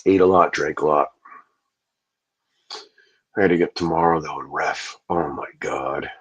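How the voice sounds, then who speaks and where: Profane, rambling man with a husky voice. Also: extremely low pitch, steady tone, unhurried, fairly bright tone, rough recording. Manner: profane, rambling, talks back to chat. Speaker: livestreamer. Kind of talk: casual livestream rant to chat.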